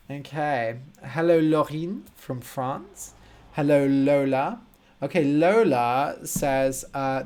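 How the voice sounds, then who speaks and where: Guy doing a live english lesson, talks real slow and clear, says hi to viewers. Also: medium pitch, a little mellow. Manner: slow, clear, simplified speech for learners; greets viewers by name and explains words. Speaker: language teacher hosting a live stream. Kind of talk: casual live-stream chat with viewers.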